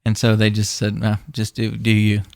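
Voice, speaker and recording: A man's voice: on the low side, monotone, moderate pace, gravelly, a little mellow, no room sound, clean studio sound. A man co-hosting a podcast in casual chat, rambling with lots of fillers and restarts. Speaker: podcast co-host.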